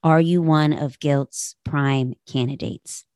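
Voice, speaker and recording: Low-voiced woman sharing a candid reflection. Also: fairly even intonation, slow, darkish tone, clean tone, dry recording, studio quality. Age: 30s. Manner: candid, confessional, addresses listeners directly. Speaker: podcast host. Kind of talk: personal reflective monologue.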